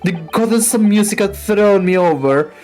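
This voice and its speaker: A woman voicing a gloomy, dramatic male detective who plays violin, reading game dialogue aloud in a slow, melancholy way. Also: mid-range voice, a little mellow, soft background music, lightly acted. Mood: melodramatic.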